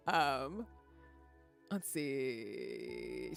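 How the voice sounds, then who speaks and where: Woman, streamer, casual rambling chat, lively swinging pitch, faint music behind. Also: moderate pace. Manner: chatty, rambling, laughs often, reads chat aloud. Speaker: live streamer.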